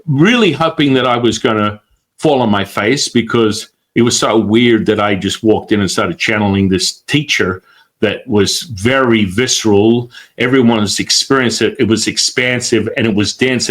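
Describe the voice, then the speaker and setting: A man's voice: on the low side, moderate pace. A man telling a story in casual conversation as a guest, acting out the voices of the people he quotes. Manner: animated, acts out quoted voices.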